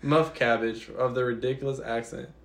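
A man's voice: medium pitch, steady tone, normal speed. A young man co-hosting a podcast, joking in slang with mumbled asides. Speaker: podcast co-host. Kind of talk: casual chat.

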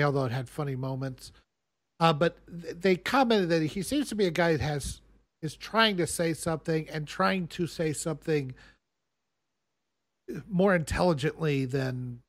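A man casually chatting about films as a podcast co-host, earnest and explaining at length with halting restarts. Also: fairly high pitch, no room sound, studio quality.

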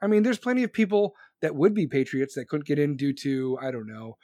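A man's voice: a little high, a little fast, dark tone, no echo. A man in his forties ranting angrily and crudely, repeating himself for emphasis. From United States. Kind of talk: profane ranting monologue.

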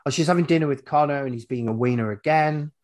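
A man's voice: on the high side, fast, a little mellow. A man hosting a podcast, recapping a horror film in rambling, wry casual chat and swearing freely. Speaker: podcast host.

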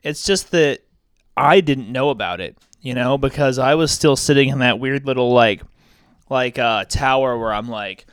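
A young man co-hosting a podcast, joking loudly and swearing freely in casual chat. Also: medium pitch, normal speed, clean tone, no echo, clean studio sound. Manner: profane, boisterous, joking. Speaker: podcast co-host.

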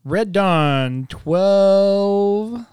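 Fairly high-pitched man, dry close mic, joking podcast co-host who laughs easily and rambles through plot recaps. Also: animated, extremely slow, a little mellow, clear, resonant tone, no room sound. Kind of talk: casual movie-discussion chat.

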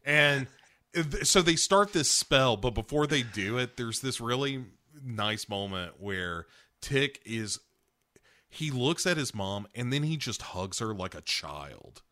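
Bright-voiced man recapping a show. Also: medium pitch. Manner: animated, acts out characters' lines in quick bursts, swears freely. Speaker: podcast co-host recapping a TV episode. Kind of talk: casual chat.

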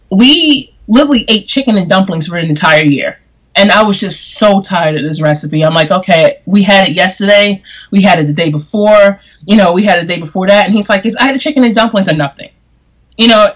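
A chef from New York, a guest on a talk show, telling stories in a lively way and often laughing and acting out quotes. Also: medium pitch, poor audio. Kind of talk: casual storytelling in conversation.

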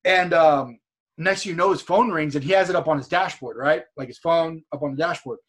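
A man with a husky, grainy voice that sits a bit high for a man tells a rambling story over a video call. He talks with energy and swears freely, and he stumbles over repeated words. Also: fairly quick, fairly bright tone. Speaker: guest, streamer and wrestler. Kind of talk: casual storytelling chat.

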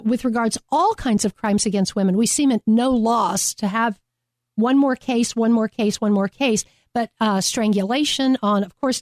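Woman guest, emphatic advocate, higher voice, dry studio sound. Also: a little mellow, no echo. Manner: passionate, emphatic, repeats key phrases. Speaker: guest from a domestic violence agency. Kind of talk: earnest radio interview talk.

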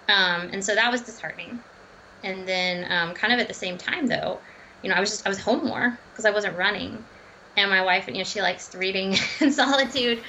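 A woman, a dietitian and runner, telling her story as a podcast guest in a chatty, animated way, full of fillers, restarts and laughs. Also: mid-range voice, a little fast, slight background noise, rough recording. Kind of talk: casual podcast interview storytelling.

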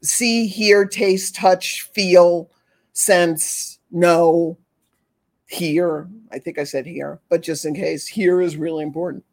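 A woman who communicates with animals is a guest in a casual conversation, explaining her work earnestly and repetitively and acting out pitying voices. She speaks slowly in a fairly low, steady, slightly mellow voice.

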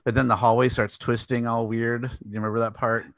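A man's voice: mid-range voice, flat delivery, brisk, a bit bright, dry recording. A man co-hosting a casual arcade podcast, rambling and laughing often as he chats. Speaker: podcast co-host. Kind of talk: casual chat.

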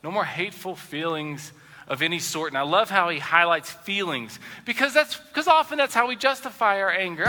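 A man preaching a sermon as a pastor, animated and acting out the voices he quotes. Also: high-pitched, a little fast, in a large hall, music in the background. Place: church sanctuary.

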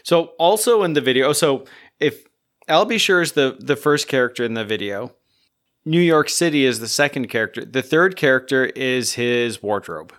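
Man, from canada, podcast co-host, average pitch, casual rambling chat. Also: expressive, normal speed, fairly bright tone. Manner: chatty, frequent "like" fillers.

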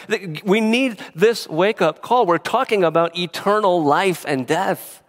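Man preaching, earnest and emphatic, fairly high-pitched, restarts often. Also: unhurried, hardly any pauses. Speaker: pastor. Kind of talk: sermon.

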